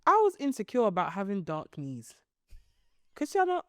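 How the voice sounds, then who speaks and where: A young woman co-hosting a podcast in casual chat, playfully teasing and dropping low for asides. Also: wildly swooping pitch, moderate pace, a bit bright, clean tone, no room sound, studio quality. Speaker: podcast co-host.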